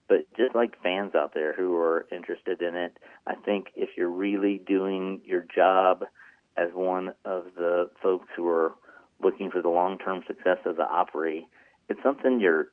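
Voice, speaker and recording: A man's voice: low-pitched, steady tone, measured pace, no echo. Man on a tinny phone line. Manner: earnest, rambling with many ums. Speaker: executive producer guest. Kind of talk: casual interview talk.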